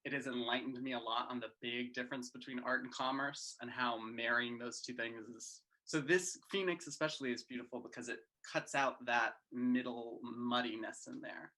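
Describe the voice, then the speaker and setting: A man in his twenties from Massachusetts, chatting casually as a guest on a video-call interview, quick with jokes. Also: mid-range voice, steady tone, bright, forceful tone. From Massachusetts, USA. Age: 20s. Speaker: singer and guest.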